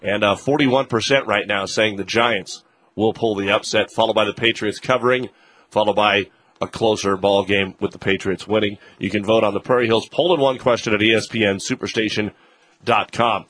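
A man hosting a sports radio show, briskly reading plugs and chatting about games. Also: on the low side, steady tone, fairly bright tone. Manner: brisk, reads promos and plugs.

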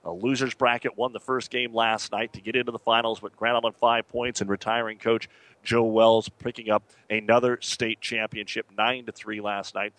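A male sports radio host giving a news rundown, matter-of-fact and steady with the odd filler. His voice is a bit low, and it is recorded dry and close. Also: moderate pace, dry recording.

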